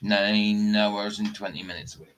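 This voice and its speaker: A man's voice: lowish voice, level tone, normal speed, fairly bright tone, clear, resonant tone. A man hosting a livestream in casual chat, joking, laughing often and losing track of his sentences. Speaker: livestream host.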